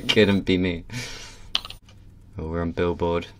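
A man hosting a casual gameplay video, excitable and constantly giggling as he plays. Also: sits low, takes it slowly, crowd noise. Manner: giggly, excitable, laughs a lot. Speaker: gaming channel host.

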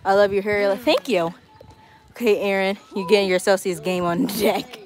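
A woman's voice: medium pitch, normal speed. A woman hosting a travel vlog live stream while walking outdoors, chatting casually and reading viewer comments aloud. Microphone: handheld phone camera. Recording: noisy outdoor phone audio.

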